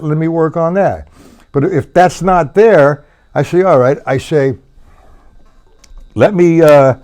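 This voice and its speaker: This drum teacher has a mid-range, warm voice and keeps things loose on his live stream, counting beats aloud as he plays and chatting with viewers. He swears whenever he makes a mistake. The drums come through faintly in the room.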